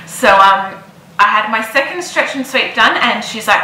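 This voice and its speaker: A woman's voice: a little high, expressive, measured pace, pushed and bright, roomy sound, a little hiss or hum, low-quality recording. A heavily pregnant young woman chatting casually in a vlog, repeating words for emphasis. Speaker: vlogger.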